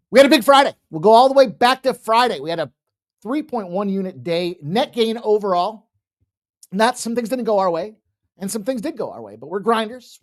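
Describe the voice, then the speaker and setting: A man hosting a sports betting show from his home office, talking casually and excitedly, with sudden loud bursts and quieter asides. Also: high voice. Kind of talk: casual solo show talk.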